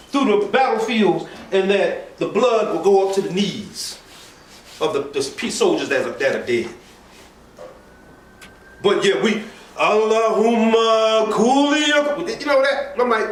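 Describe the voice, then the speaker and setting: Animated man preaching in an echoey hall. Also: high-pitched, slight background noise. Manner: animated, conversational preaching with asides and laughter. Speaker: religious teacher. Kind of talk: informal sermon class. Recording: echoey room from far off mic.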